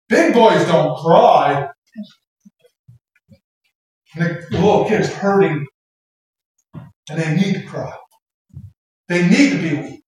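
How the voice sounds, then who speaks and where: A woman preaching a sermon with passion, often shouting and lilting into song. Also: sits low. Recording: very echoey hall, voice from far off.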